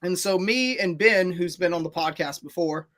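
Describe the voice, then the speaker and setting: A man telling a long story on a casual podcast, animated and rambling, with many fillers and restarts. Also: high-pitched, normal speed.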